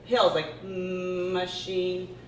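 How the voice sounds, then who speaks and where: A woman speech therapist coaching voice exercises, encouraging and demonstrating words with exaggerated pitch glides. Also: monotone, extremely slow, a little mellow, distant mic, slight background noise. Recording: roomy echo, a bit off-mic.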